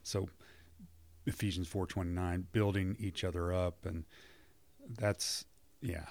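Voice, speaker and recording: Deep gravelly man, earnest counselor. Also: fairly even intonation, takes it slowly, darkish tone. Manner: earnest, affirming, many back-channel hums. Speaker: marriage counselor. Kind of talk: conversational podcast discussion.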